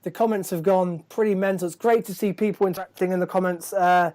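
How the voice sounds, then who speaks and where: A man's voice: sits high, fairly even intonation, fast talker, a little mellow. Brief: male host, live sports chat, tired, rambling, stumbles on words.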